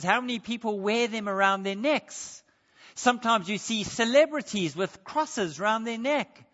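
High-voiced male preacher in echoing hall. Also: fairly bright tone. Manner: earnest, deliberate and emphatic. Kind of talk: sermon. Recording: dull, reverberant hall recording.

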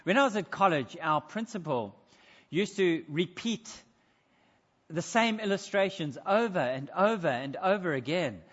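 A man preaching a sermon in a church, emphatic and slowing down to stress key points. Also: high voice, lively intonation, a bit bright. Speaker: pastor. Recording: dull sound in echoey church hall.

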